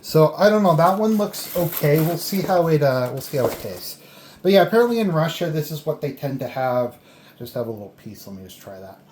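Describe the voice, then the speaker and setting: Casual food-vlog host, rambling between bites, mid pitch, roomy echo, faint dish clatter. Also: sing-song, fairly quick, darkish tone, slight background noise. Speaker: food vlogger. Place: indoors at home, eating a delivered meal. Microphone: camera on a tripod.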